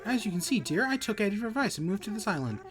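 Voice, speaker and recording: A man's voice: sits high, very animated, quick pace, fairly bright tone, voice pushed up. A man reading a prim, fussy koala villager. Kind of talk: reading game dialogue aloud.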